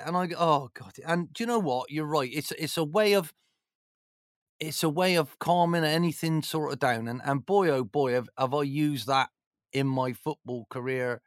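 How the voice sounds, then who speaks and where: A man telling stories as an interview guest, rambling and jokey with plenty of "you know"s. His voice sits a little high and swings up and down with energy. The sound is dry and close. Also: no echo. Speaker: former football manager, interview guest. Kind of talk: casual storytelling chat.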